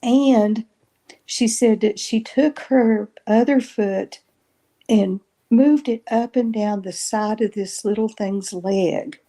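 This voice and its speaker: A woman's voice: medium pitch, takes it slowly, mellow. A woman guest on a podcast, telling a personal story in a casual way and retelling each conversation line by line with many "I said" and "she says". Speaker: guest sharing paranormal experiences.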